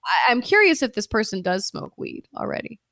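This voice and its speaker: A woman comedian chatting as a podcast guest, brash and animated, swearing freely as she tells stories. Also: fairly high pitch, fairly quick, no echo, studio quality. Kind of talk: casual podcast chat.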